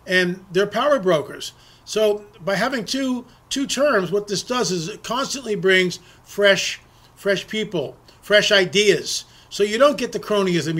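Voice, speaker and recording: A man's voice: sits high, pushed and bright. A middle-aged man delivering a heated opinion monologue, ranting with repeated restarts and emphatic rhetorical questions. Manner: impassioned, repetitive, ranting with frequent restarts. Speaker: political commentary host.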